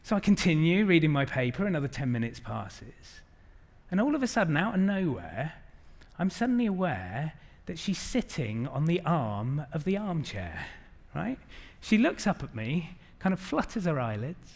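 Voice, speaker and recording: A man in his thirties giving a lively, engaging conference keynote on a stage mic, speaking to a large hall. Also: on the high side, moderate pace. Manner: lively, engaging, directs the audience.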